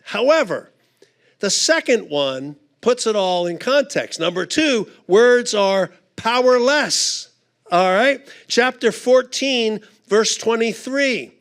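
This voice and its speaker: A man's voice: very high voice, slow. A middle-aged man speaking at a conference, telling a funny story and acting out the voices in it. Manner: animated storyteller, acts out voices. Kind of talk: humorous storytelling talk.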